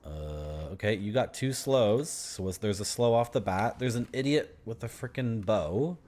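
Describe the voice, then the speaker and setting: A man's voice: fairly low pitch, expressive, a little slow, darkish tone. A man in his thirties giving casual, rambling commentary as he streams a game, chatting to his viewers and laughing often.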